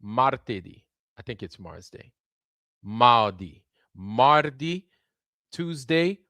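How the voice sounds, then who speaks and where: Man, rambling casual stream talk, mid pitch, dry close mic. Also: expressive, slow, bright, forceful tone, dry recording. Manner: rambling, repeats words, addresses viewers with "right?". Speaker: livestream host. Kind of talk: casual livestream monologue.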